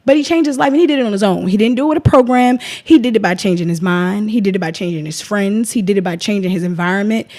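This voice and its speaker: A woman's voice: medium pitch, quick pace, few pauses, a little mellow. A woman, speaking as a guest in an emotional interview, impassioned and defiant, often retelling what others said.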